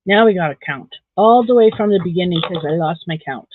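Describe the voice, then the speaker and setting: A man's voice: high voice, fairly quick, no echo. Man, live-stream crochet chat, counts stitches aloud, greets viewers, dry tinny sound. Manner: chatty, counts stitches aloud under the breath.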